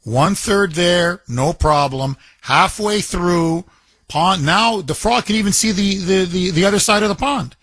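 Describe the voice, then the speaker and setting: A man's voice: sits high, a little slow, a bit bright, no echo. A man hosting a talk radio show, taking calls and telling a story emphatically, repeating phrases for effect.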